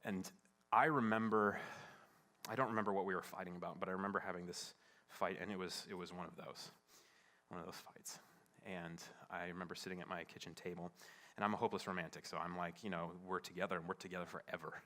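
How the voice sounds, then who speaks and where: Bright-voiced man preaching a sermon. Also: low-pitched, fairly even intonation. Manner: earnest, halting delivery with many restarts; swings between hushed and emphatic. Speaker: pastor. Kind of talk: sermon with personal storytelling. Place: church service.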